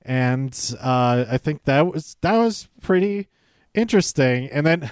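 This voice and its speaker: A man's voice: fairly high pitch, animated, measured pace, clean tone, no room sound. Chatty man recapping a show, dry sound. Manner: chatty, self-interrupting, chuckles often; acts out quoted lines in livelier voices. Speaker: podcast host. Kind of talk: casual solo show recap.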